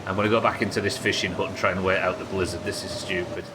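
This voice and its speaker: Deep-voiced man streaming a game. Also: flat delivery, quick pace, background noise. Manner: chatty, swearing, thinking aloud. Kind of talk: casual gameplay commentary.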